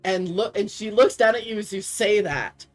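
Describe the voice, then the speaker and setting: A woman narrating as game master, relaxed and chatty, with frequent fillers and laughs. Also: medium pitch, moderate pace, soft background music.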